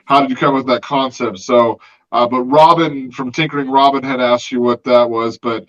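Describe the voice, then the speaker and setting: A man's voice: medium pitch, steady tone, normal speed, lo-fi sound. A man hosting a casual podcast in a laid-back way, reading out listener questions. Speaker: podcast host.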